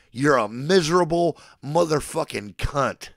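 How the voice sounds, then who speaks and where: In a fairly high, slightly bright voice with vocal fry, a man in his forties rants at his livestream chat, animated yet unhurried. It comes across as a mock sermon, shifting from profane boasts and threats to declarations of affection. The audio is clean studio sound without any room sound.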